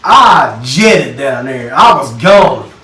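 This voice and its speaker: A man from Texas, co-hosting a casual podcast chat and telling animated stories. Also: mid-range voice, slow, crowd noise. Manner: storytelling, animated. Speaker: podcast co-host. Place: basement. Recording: echoey room, mic at a distance, faint noise.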